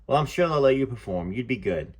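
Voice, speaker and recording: A man's voice: medium pitch, animated, fast, natural voice. A man reading as a shy young woman. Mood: reserved.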